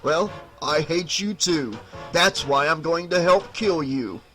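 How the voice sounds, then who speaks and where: A man's voice: a little high, slow, a bit bright, faint music behind. A man voicing a taunting undead older brother. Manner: taunting, sarcastic, laughing. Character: mocking undead teenage brother, grinning and cruel.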